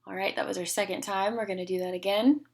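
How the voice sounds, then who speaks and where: Over a video call, a woman runs a group speech therapy session, patiently walking participants through each step of a guided voice exercise and sustaining long, loud vowels. Her voice is medium-pitched and steady, and she speaks fast.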